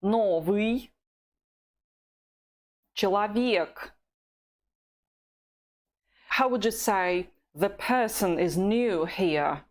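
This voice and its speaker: A woman from Russia with a Russian accent, teaching a language lesson with patient, deliberate repeat-after-me drills. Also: mid-range voice, animated. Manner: patient, deliberate, pauses for learners to answer.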